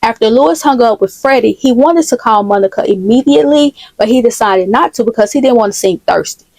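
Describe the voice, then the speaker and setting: A woman's voice: medium pitch, darkish tone, no room sound, rough recording. A woman storyteller narrating a dramatic story recap in a plain, conversational way.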